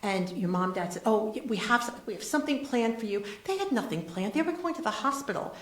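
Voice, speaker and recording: A woman, a charity CEO, telling a story as a guest on a talk show, lively and acting out voices. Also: on the high side, quick pace, reverberant. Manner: lively, acts out voices in her stories.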